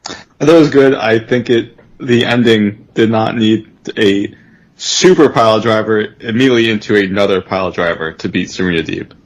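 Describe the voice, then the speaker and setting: Deep-voiced, laid-back male co-host. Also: normal speed, rough recording. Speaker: podcast co-host. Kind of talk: casual wrestling review banter.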